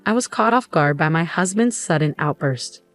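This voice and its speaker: A woman tells a first-person story in a composed, even way. Her voice sits on the low side. Quiet music plays underneath. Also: moderate pace, no echo. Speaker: narrator.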